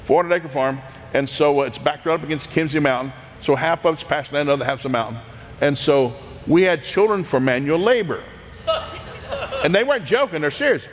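A middle-aged man from East Tennessee, telling animated, folksy stories from his childhood, laughing often and acting out voices. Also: a little high, fairly quick, long reverb tail. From East Tennessee, USA. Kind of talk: folksy anecdotal storytelling.

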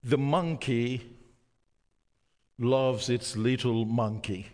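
A male preacher delivers a sermon at a deliberate, unhurried pace, pausing for effect. His voice swells loud for emphasis, then sinks to a hushed near-whisper. The sound carries a long reverb, as in a large church hall. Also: mid-range voice. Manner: slow, emphatic preaching with dramatic pauses and sudden drops to near-whisper.

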